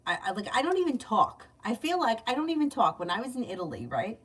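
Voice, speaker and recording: A woman's voice: a little high, big pitch swings, quick pace, a bit bright, slightly rough. A woman giving tarot readings in a casual livestream, chatty and candid, laughing often. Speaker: tarot reader. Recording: distant mic, faint background noise.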